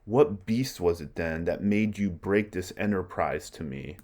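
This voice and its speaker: A man reading aloud as a ruthless, scornful noblewoman who goads her husband, in a slow, deliberate way. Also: low-pitched, darkish tone.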